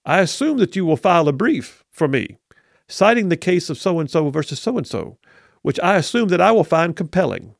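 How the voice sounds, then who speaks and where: A wizened old federal judge, as a man puts him on, drawling in a Southern accent with formal, knowing understatement. The voice rides a little higher than the teller's own, with a gravelly edge. It sounds close and dry. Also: sing-song, normal speed, no room sound, exaggerated voice.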